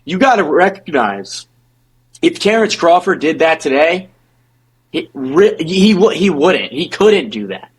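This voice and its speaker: Husky young man in heated sports talk. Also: a little high, big pitch swings, low-quality recording. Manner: fast, halting, repeats words when restarting. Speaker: podcast co-host. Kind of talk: casual sports debate.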